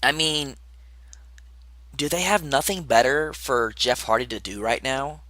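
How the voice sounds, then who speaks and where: A man's voice: medium pitch, unhurried, pushed and bright, no room sound. A young man recapping a wrestling show in a casual, rambling podcast style, with asides and muttered remarks.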